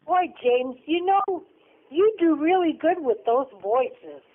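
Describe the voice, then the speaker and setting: An older woman speaking slowly, with a high voice that swings widely in pitch. She reacts with short exclamations in casual chat, and the recording is thin and tinny, like a phone line. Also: expressive. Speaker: podcast co-host, grandmother.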